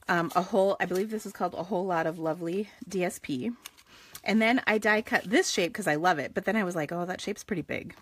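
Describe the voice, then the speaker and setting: Chatty craft-stream host, a woman with a slightly husky voice, relaxed and rambling. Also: lowish voice. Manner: chatty, rambling, laughs often. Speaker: stamping and card-making host. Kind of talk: casual live-stream crafting chat.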